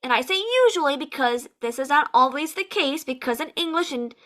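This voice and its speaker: Bright high-voiced American woman teacher. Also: brisk. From United States. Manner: lively, emphatic, acts out sample phrases. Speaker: online ESL teacher. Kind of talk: English lesson to camera.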